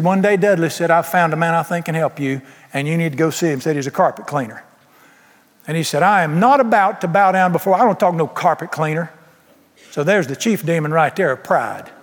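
Male preacher, folksy and emphatic, slightly high pitch, long church reverb. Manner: storytelling, emphatic, Southern folksy phrasing. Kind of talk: sermon.

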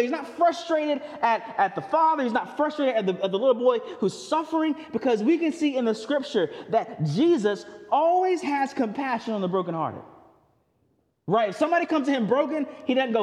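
A male pastor preaching a sermon, animated, jumping high when acting out voices and dropping low and slow for emphasis. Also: big-room sound.

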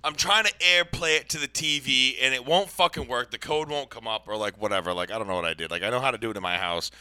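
Bright, crisp-voiced man swearing casually. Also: mid-range voice, fast, dry recording. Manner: profane, laid-back storytelling. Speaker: podcast co-host. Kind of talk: casual chat.

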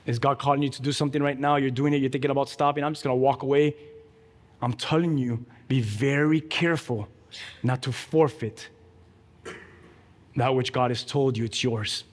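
A man's voice: medium pitch, steady tone, moderate pace, in a large hall. A man preaching a sermon as pastor, urging the congregation directly and with emphasis.

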